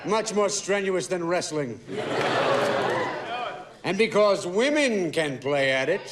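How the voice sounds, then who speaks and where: A rousing debate professor. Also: male voice, high-pitched, lively intonation, slow pace. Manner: declaiming, rousing. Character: showman male debate professor rousing a crowd. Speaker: debate coach. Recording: distant mic, loud crowd and noise.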